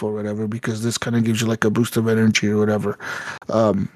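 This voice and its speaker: A man co-hosting a gaming podcast, telling stories in a lively, casual way and swearing often. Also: lowish voice, fast, no echo. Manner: animated storytelling, swears often. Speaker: podcast co-host. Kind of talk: casual chat.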